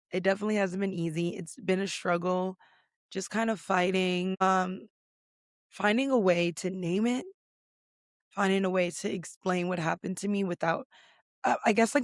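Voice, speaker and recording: A woman hosting a casual solo podcast in a chilly office, hoarse with her voice mostly gone, chatty and rambling with a self-deprecating manner. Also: fairly low pitch, dry recording, studio quality. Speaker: podcast host. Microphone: computer recording setup.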